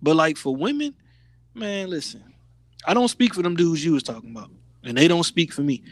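A man co-hosting a podcast, talking in a slangy, animated way with lots of restarts. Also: a little high, a little fast, no echo. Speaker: podcast co-host. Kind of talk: casual chat.

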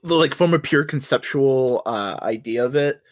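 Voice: medium pitch, no room sound, studio quality. A podcast co-host in casual chat, talking bluntly and ranting with lots of swearing. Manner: blunt, profane, quick to rant.

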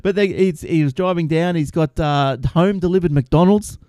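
A man's voice: on the high side, moderate pace, warm tone, dry recording. Rambling man hosting tech chat. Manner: rambling, restarts, laughs often. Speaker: podcast host.

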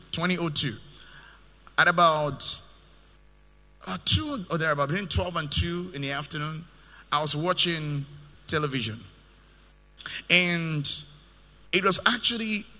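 A man's voice: fairly high pitch, pushed and bright, big-room sound. A man preaching a sermon as pastor, lifting into sung cadences as he builds his points.

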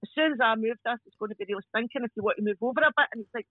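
A Scottish woman telling stories casually as a podcast guest, animated and laughing often as she acts out voices. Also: a little high, racing, no room sound. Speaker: podcast guest, crime scene cleaner. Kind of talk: casual storytelling chat. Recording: dull lo-fi dry sound.

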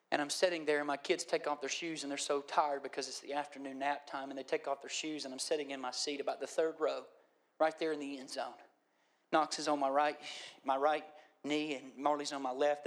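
A man preaching a sermon, moving from quiet storytelling to impassioned pleading. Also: medium pitch. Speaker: pastor.

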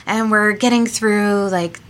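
A woman's voice: medium pitch, steady tone, slow. A woman who runs an aerial yoga studio, chatting upbeat as a podcast guest and laughing often. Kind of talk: casual podcast interview.

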